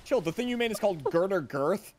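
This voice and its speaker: Man doing quick jokey play-by-play in a game call, voice all over the place. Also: high-pitched, animated, a little mellow. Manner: amused, play-by-play quips. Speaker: game player. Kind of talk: casual gaming commentary.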